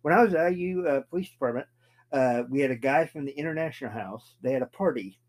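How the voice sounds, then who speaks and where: A man co-hosting a casual podcast, teasing dryly in a deadpan way. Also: medium pitch, fast talker. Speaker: co-host. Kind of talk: casual chat.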